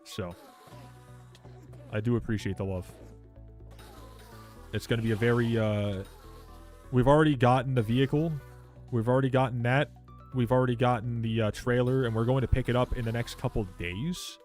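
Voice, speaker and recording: Young dude on stream, rambly and sweary, mid-pitched voice, faint music behind. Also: male voice, fairly even intonation, moderate pace, long pauses, darkish tone. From Canada. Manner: rambling, profane ranting while reading chat. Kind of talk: casual live-stream chat.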